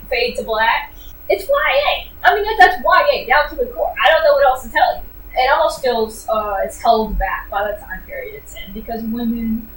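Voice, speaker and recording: A woman with a fairly high voice gives a casual book review, animated and sarcastic, with plenty of fillers. She sits some distance from the mic in a roomy, echoey space, with faint noise behind her.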